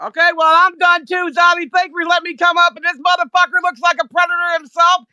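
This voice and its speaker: A very high-pitched woman with a bright, sharp voice, trading brash insults on a livestream. The sound is close and dry. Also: completely flat delivery, fast, no echo.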